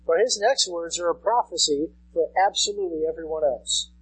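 A man's voice: on the high side, fairly quick, slightly rough, low-quality recording. A man in his thirties preaching a sermon as pastor, conversational and repeating key phrases for emphasis. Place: church sanctuary.

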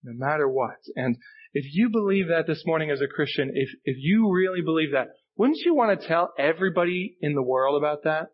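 A man's voice: a little high, lively intonation, brisk, highs cut off. A male pastor preaching a sermon, earnest and emphatic, repeating key phrases for weight. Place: church sanctuary.

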